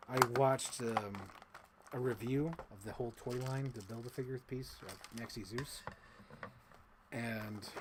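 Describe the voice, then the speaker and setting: A man's voice: mid-range voice, noisy background. A man chatting casually while unboxing toys on a livestream, tired and laughing, swearing now and then. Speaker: toy collector streamer.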